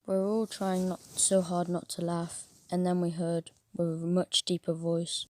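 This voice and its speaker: A woman tells a first-person horror story in a steady, even reading manner. Her voice sits low and hardly rises or falls, and the recording is dry with no room sound. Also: a little slow, dry recording.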